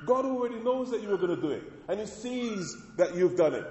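A man's voice: high voice, expressive, brisk, darkish tone, slight background noise. Man preaching in an echoey hall. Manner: preaching with rising emphasis, calls for amens. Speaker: pastor. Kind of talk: sermon. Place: church.

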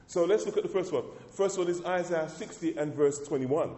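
A man's voice: a little high, normal speed, mellow. A man preaching a sermon as pastor, calling out to the congregation and reading scripture with rising emphasis. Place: church. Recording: echoey church hall.

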